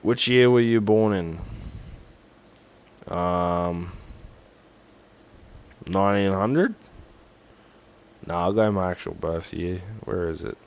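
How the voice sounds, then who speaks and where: A man's voice: low voice, takes it slowly, pauses often, clean tone. A young Australian man with an Australian accent, rambling sarcastically and swearing as he talks through a form on a casual livestream.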